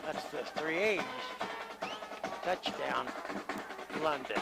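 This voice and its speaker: A man calling a high school football game on the radio, joking and boastful, out of breath. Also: slow, creaky, pauses often, rough recording. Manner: joking, boastful, self-styled showman. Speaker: play-by-play announcer. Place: outdoor stadium press box. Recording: loud band music behind.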